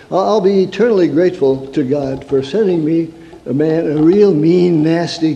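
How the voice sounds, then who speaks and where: A man's voice: on the high side, unhurried, vocal fry, warm tone. A man who works as a counselor, giving a humorous sermon-style talk with stories and rhetorical questions. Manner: storytelling, rhetorical questions, mock-angry asides. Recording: reverberant hall.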